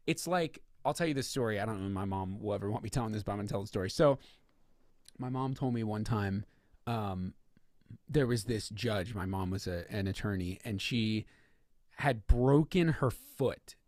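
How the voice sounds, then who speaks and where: A man's voice: lowish voice, moderate pace, dry recording, clean studio sound. A man co-hosting a podcast, chatting casually about sports, emphatic and full of swearing, often acting out what others said. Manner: profane, emphatic, acts out quotes. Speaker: podcast co-host.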